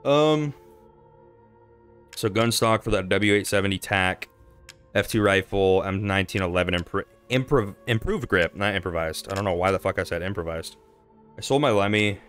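Male let's-play host, low-pitched, swears freely while narrating his game. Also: normal speed, pauses often, fairly bright tone, clear, resonant tone, soft background music. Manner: casual, profane, talks to himself while playing. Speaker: gaming channel host.

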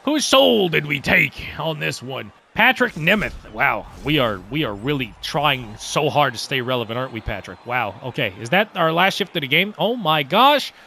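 A man hosting a gaming video, giving excitable, trash-talking gameplay commentary that swings between loud hype and low muttering. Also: normal speed, gravelly, few pauses, a little hiss or hum.

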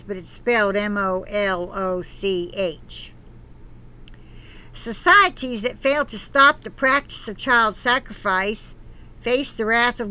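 A woman's voice: fairly high pitch, sharp tone. A woman hosting her own channel, reading an article aloud and breaking off into earnest, preachy comments. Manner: earnest, preachy asides between read passages; halting, with restarts. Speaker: channel host.

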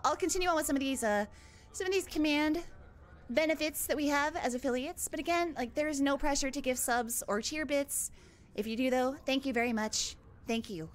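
A woman voicing a cheerful young huntress girl as a VTuber streamer, chatting live in character and squealing often. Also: sits high. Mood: earnest. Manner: bubbly, excitable, squeals often.

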